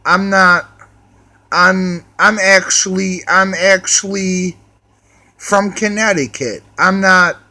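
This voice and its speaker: A man putting on the voice of a soft-spoken cab driver who stumbles over his words reassuringly. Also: high voice, fairly even intonation, heavily acted. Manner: hesitant, halting, apologetic.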